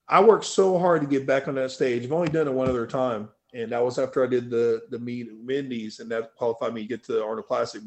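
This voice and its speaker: In a laid-back podcast conversation, a male powerlifter guest tells a story. He curses freely, and whenever he quotes himself his voice leaps up, loud and high.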